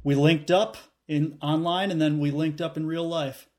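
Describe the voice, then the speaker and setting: A man co-hosting a casual sports podcast, riffing with deadpan jokes. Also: on the high side, normal speed. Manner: jokey, deadpan riffs. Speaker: podcast co-host.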